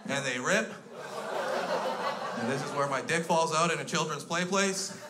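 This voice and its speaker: A Canadian man with a voice on the high side, speaking at normal speed, performs stand-up before a live audience. He tells crude stories in an exasperated tone. The live recording picks up audience noise and laughter.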